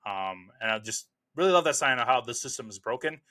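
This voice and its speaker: Man, young adult, bright tone, casual film review host, rambling with lots of ums. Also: mid-range voice, a little fast. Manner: relaxed, rambling, many fillers.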